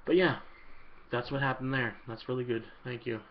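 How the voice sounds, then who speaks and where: A man's voice: medium pitch, steady tone, normal speed, gravelly, dull audio, slight background noise. A man answering viewer questions in a casual, rambling vlog, with lots of ums and uhs.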